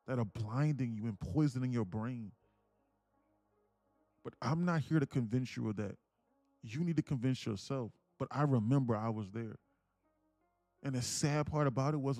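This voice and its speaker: A man's voice: mid-range voice, warm tone, dry recording. A young man hosting a live day trading stream, talking passionately and emphatically, swearing freely. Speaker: day trading livestream host.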